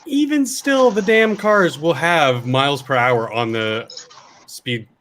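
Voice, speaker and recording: A man's voice: fairly high pitch, slow pace, a bit bright, a little hiss or hum. A man making joking, teasing remarks in casual voice chat.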